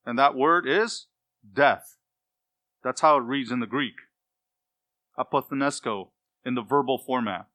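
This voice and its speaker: A man preaching an expository sermon, stressing key words by repeating them and dropping to quiet asides. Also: mid-range voice, a little slow, pauses often, no room sound. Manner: emphatic, repeats key words, swings between loud stress and hushed asides. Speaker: pastor.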